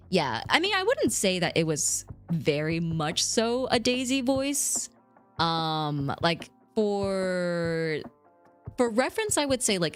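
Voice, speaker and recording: A woman around thirty streams and chats casually, reading out messages from her viewers. Her voice sits low but swings widely in pitch when she gets animated. Faint music plays under her talk. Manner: reads chat aloud, animated, laughs often. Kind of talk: casual chat with live chat.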